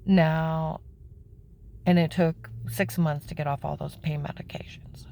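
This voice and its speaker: A woman telling the story of her own life in plain words, emphatic and indignant, her voice climbing high when she is upset. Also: steady tone, measured pace, creaky, dark tone. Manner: plain-spoken, with frequent "okay?" asides. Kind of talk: personal testimony, candid storytelling.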